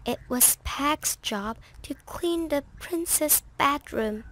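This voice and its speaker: Woman reading kids' story, high voice, very slow. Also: fairly bright tone. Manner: very slow, careful delivery.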